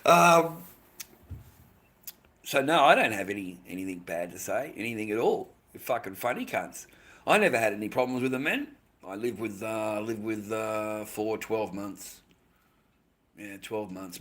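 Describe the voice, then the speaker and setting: A man's voice: fairly low pitch, measured pace, a bit bright. An Australian man chatting casually on a livestream, rambling and swearing constantly, with "mate" in almost every line.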